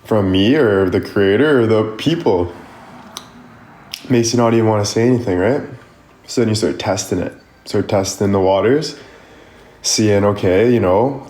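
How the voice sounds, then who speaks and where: A man's voice: lowish voice, measured pace, long pauses, a little mellow. A man on a livestream, giving casual motivational talk in a rambling way, full of "like" and "you know". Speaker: social media creator on a livestream. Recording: echoey room with faint music behind.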